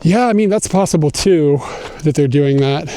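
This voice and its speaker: A man's voice: fairly high pitch, normal speed, warm tone, a little hiss or hum. A young man livestreaming as he walks through a snowy park outdoors, a bit out of breath, swearing and laughing as he rants casually to his chat. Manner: profane, laughing, ranting. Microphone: phone carried while walking. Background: faint outdoor ambience.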